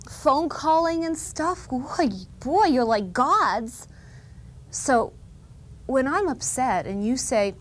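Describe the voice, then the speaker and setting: Woman playing a precocious lecturing little girl. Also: a little high. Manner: solemn mock-formal speechmaking. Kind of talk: comedic monologue.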